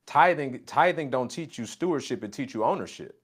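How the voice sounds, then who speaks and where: Man coaching casually, leans hard on his catchphrases, mid-pitched voice. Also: expressive, a little fast, husky. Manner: emphatic, repeats catchphrases. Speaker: business coach.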